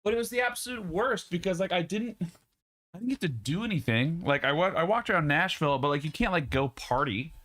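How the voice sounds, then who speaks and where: A man's voice: high voice, animated, fairly quick, a bit bright. A young man chats on his own stream, his voice swinging widely as he tells stories. He is loose and profane, restarting sentences often. He speaks close into a studio mic. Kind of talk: casual live stream chat. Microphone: studio dynamic mic.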